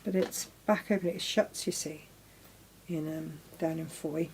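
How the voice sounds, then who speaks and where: A woman's voice: low voice, fairly even intonation, a little slow, vocal fry, a little mellow, a little hiss or hum. A middle-aged woman hosting a live sewing demonstration, chatting casually, talking to her tools and exclaiming as she goes. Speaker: crafting show host.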